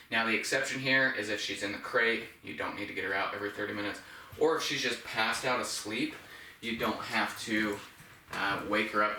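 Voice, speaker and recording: A male dog trainer talks through a demonstration, laying out each step plainly and cheering the dog on. His voice has a bright edge. It is recorded a little away from the mic in an echoey indoor room with a faint hum of ambience behind him. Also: fairly low pitch. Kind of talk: instructional demonstration. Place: indoors in a home. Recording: roomy, from a distance.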